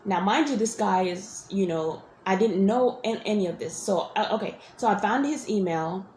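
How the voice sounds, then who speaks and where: Woman vlogger, rambling storyteller, mid-pitched voice, roomy echo with faint hiss. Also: normal speed, darkish tone. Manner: rambling, full of restarts and asides. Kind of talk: casual storytelling vlog. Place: hotel room.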